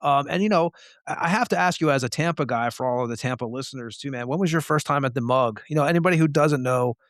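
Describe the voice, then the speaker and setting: A man's voice: mid-range voice, quick pace, a bit bright, no room sound, clean studio sound. A man, co-hosting a podcast and asking questions in a friendly, rambling way. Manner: friendly, filler-heavy questions. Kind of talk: casual chat.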